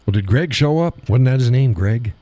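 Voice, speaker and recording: A man's voice: mid-range voice, lively intonation, normal speed, warm tone, no room sound. A man hosting a live show who chats casually and reads out audience comments, rambling and chuckling often. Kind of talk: casual chat reading audience chat.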